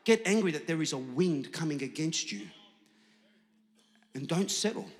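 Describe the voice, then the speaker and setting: Man, pastor, high voice, energetic sermon, echoing church hall. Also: normal speed. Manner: energetic, shouting, acting out doubters. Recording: long hall reverb.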